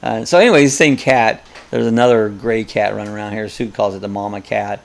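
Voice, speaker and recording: A man's voice: fairly low pitch, fairly even intonation, brisk, vocal fry. A man hosting a casual live chat, rambling and joking as he tells stories. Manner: rambling, jokey storyteller.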